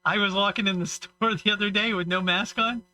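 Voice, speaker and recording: A man's voice: high-pitched, steady tone, brisk, bright, forceful tone, low-quality recording. A man co-hosting a comedy podcast, telling rambling stories in casual banter and acting out the people he quotes. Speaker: podcast co-host.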